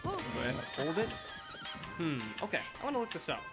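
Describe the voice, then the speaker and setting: A man giving casual gameplay commentary, excitable, swearing playfully and talking to the game. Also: on the high side, a little fast, loud music behind the voice. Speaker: let's play gamer.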